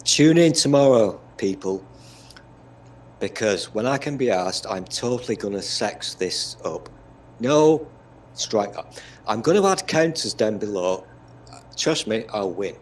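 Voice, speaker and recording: A man's voice: lowish voice, lively intonation, measured pace, a little mellow. A British man in casual chat, swearing freely and bragging in a teasing, mock-boastful way. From Britain.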